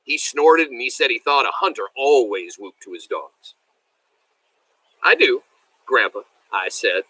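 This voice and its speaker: A man reading a novel aloud as a teacher, animated and enthusiastic, stopping to explain words to his listeners. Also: mid-range voice, moderate pace, no room sound, low-quality recording.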